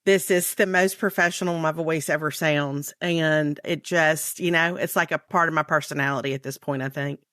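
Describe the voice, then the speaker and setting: Chatty Southern woman, low voice. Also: fairly even intonation, fairly bright tone, no room sound, studio quality. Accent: Southern American. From Mississippi, USA. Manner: chatty, laughing, drawn-out phrases. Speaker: guest author. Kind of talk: podcast interview.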